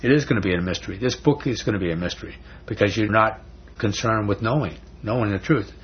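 A man's voice: lowish voice, fast talker. A man teaching a Bible study in a conversational, folksy way, often restarting words. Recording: dull lo-fi recording.

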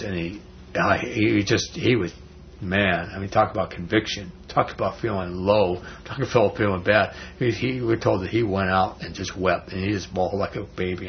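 Low gravelly man leading a Bible study. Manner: conversational, rambling, frequent "you know" and "okay?". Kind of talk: informal Bible teaching. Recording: dull lo-fi recording with faint noise.

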